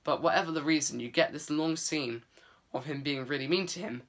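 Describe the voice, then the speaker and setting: Man, book review vlog, earnest and chatty, bright voice. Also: on the high side, a little fast. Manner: earnest, chatty, with frequent fillers and restarts.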